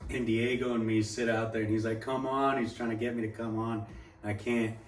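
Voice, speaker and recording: Speaking a little fast in a lowish voice, a young man rambles through a casual story, cursing freely and acting out quotes with energy. The mic sits far away in an echoey room, and faint noise can be heard.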